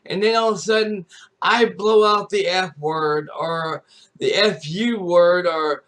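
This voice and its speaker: A man's voice: high voice, a little slow, fairly bright tone. A man telling a story to his viewers in a casual, rambling way, restarting and repeating his phrases. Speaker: gaming YouTuber and streamer.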